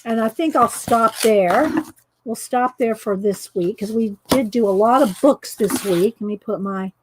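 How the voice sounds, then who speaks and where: A woman's voice: on the high side, unhurried, noisy background. A woman with a Southern US accent hosting a casual live stream, chatty and laughing often as she talks to viewers by name. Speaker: channel host reading prompts to live viewers.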